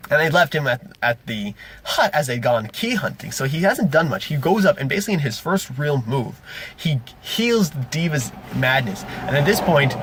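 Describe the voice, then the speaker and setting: A man's voice: medium pitch, slight background noise. A man game master recapping a tabletop session in a casual vlog, rambling and correcting himself as he goes. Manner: rambling, self-correcting, animated retellings.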